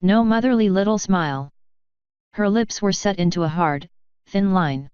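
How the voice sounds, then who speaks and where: A woman narrating a fan fiction story in a wry, even way. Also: medium pitch, moderate pace, clear, resonant tone, no echo, dull audio. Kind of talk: audiobook narration.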